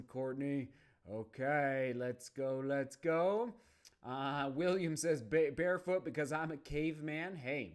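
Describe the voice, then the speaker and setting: A man hosting a live stream about running shoes, reading viewer comments aloud in an upbeat, chatty way. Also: medium pitch. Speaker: running channel host.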